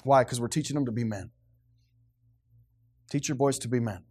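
A man's voice: medium pitch, moderate pace, slightly rough. A man, preaching a blunt, emphatic sermon as pastor. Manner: blunt, emphatic preaching, grows loud and animated.

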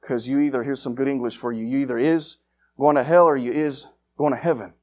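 A man preaching an evangelistic sermon, confrontational and fiery, swinging between loud urgent lines and hushed ones. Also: medium pitch, steady tone, fairly quick.

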